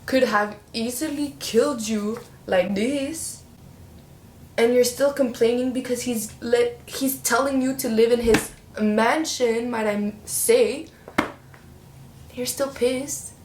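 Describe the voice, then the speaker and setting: Young female book vlogger, slightly high voice, chatty and animated, roomy echo, faint hiss. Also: slow. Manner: chatty, expressive, playful slang. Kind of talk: casual book review chat.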